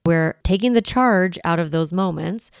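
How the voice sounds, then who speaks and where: A woman's voice: lowish voice, normal speed, smooth, no room sound, studio quality. A woman parenting coach talking straight to her listeners, shifting into a firm, strong voice to act out what parents can say to their kids. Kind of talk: solo talk to camera.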